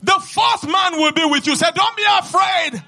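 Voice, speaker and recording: A man preaching a sermon in church as pastor, shouting fervently to the congregation. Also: extremely high pitch, normal speed, background noise.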